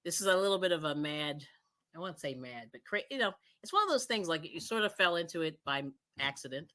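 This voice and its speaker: A woman's voice: fairly low pitch, animated, brisk, bright, forceful tone. A woman hosting a casual live cooking stream, chatting as she works, laughing often and restarting her sentences. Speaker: cooking show host.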